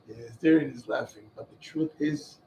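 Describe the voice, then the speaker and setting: A man's voice: fairly high pitch, steady tone, moderate pace, mellow, a little hiss or hum, rough recording. A man, a rabbi, giving an emphatic Torah class, quizzing his listeners and mixing in Hebrew phrases. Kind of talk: Torah class to a live group.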